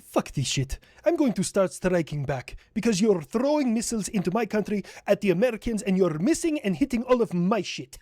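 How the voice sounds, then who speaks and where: A man's voice: high-pitched, sing-song, brisk, a little mellow, no echo, clean studio sound. A man voicing an indignant, aggrieved nation character who accuses others in a comedy war skit.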